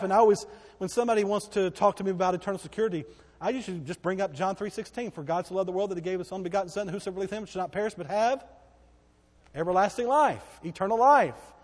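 A man's voice: high-pitched, fast. Emphatic preaching man in a reverberant hall. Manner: emphatic preaching that swings between loud declarations and hushed passages. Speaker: pastor. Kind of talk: sermon.

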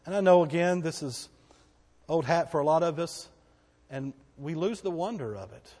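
A man preaching a sermon as pastor, swinging between loud, emphatic declarations and hushed, quiet passages. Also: fairly high pitch, animated, normal speed, big-room sound.

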